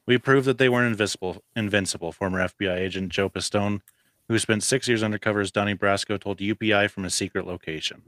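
A man's voice: on the low side, steady tone, quick pace, fairly bright tone, dry recording. A man co-hosting a movie podcast, talking in a matter-of-fact, dry way. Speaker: podcast co-host. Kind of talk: casual movie-review chat.

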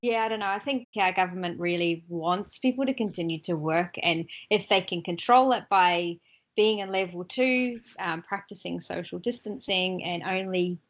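A woman's voice: fairly low pitch, moderate pace, lo-fi sound. An Australian woman chatting as a guest in a casual online interview, laughing often as she talks.

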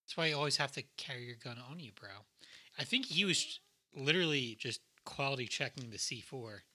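A man's voice: medium pitch, a little fast. A young man co-hosting a podcast, joking and swearing as he talks through a movie. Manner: joking, profane, animated storytelling. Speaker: podcast co-host. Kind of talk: casual movie chat.

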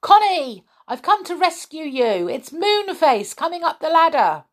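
Woman voicing Moonface, a bright eager elf. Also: sits high, big pitch swings, a little slow, voice pushed up.

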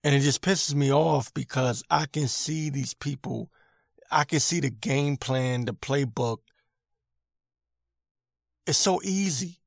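A man's voice: mid-range voice, takes it slowly, vocal fry, pauses often, no echo, clean studio sound. A man hosting his own podcast, giving an irritated, emphatic opinion rant and repeating his points for emphasis. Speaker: podcast host.

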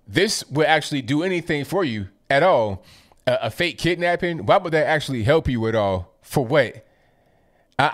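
A man giving casual, sarcastic commentary to his viewers, animated and mocking, often stammering and repeating words. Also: mid-range voice. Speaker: political commentary streamer.

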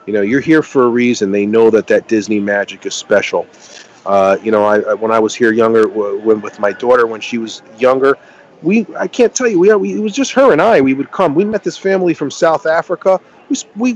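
A man's voice: on the high side, a little mellow, dull audio. A middle-aged American man chatting as a podcast guest, eager and often restarting his sentences. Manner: enthusiastic, stammering restarts. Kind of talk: casual chat.

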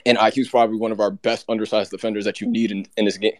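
Fast-talking low-voiced man ranting. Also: flat delivery, no room sound. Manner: rapid, heated, run-on ranting. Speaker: co-host. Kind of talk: casual sports rant.

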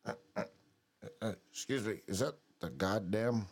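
A man's voice: on the low side, moderate pace, slightly rough. A man co-hosting a podcast, telling rambling stories in casual late-night chat, swearing freely. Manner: profane, rambling storyteller. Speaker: podcast co-host.

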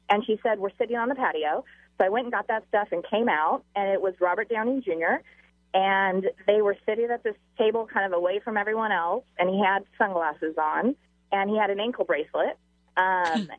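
A woman calling into a radio show over the phone, telling a relaxed story. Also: mid-range voice, no room sound. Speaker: caller. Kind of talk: phone-in anecdote. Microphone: telephone. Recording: dry narrow phone line.

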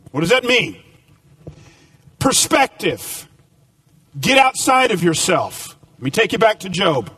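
Animated preaching pastor, high and lively. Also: male voice, takes it slowly, pauses often, husky, no echo, distant mic. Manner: preaching with rising emphasis, then dropping to a quiet storytelling tone. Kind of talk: sermon.

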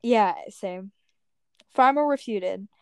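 A woman's voice: medium pitch, slow pace, clean tone, no echo, studio quality. A young woman co-hosting a casual podcast, chatting about songs with lots of "like" fillers. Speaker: podcast co-host. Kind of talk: casual chat reviewing songs.

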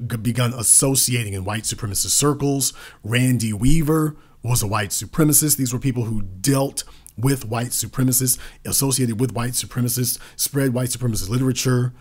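A middle-aged man delivers a monologue of political commentary at a mid-range pitch. He speaks emphatically, circles back to the same phrases, and slows down to drive key words home. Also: slightly rough.

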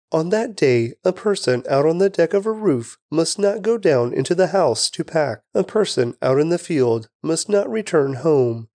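A man hosting a daily podcast, reading scripture aloud in a measured, deliberate way and slowing down for emphasis. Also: a little high, mellow, no echo. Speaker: scripture reader, podcast host.

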